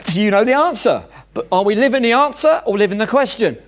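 A male preacher with a high, bright voice that leaps all over the place as he talks. He jokes with the congregation and shifts from loud bursts to quiet, hushed asides. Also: fast. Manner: animated, jokey, swings between loud bursts and hushed asides. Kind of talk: sermon.

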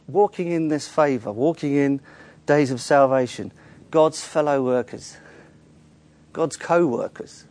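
A man's voice: medium pitch, a little mellow. A man preaching a sermon in a church, earnestly explaining scripture with frequent small restarts. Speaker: pastor.

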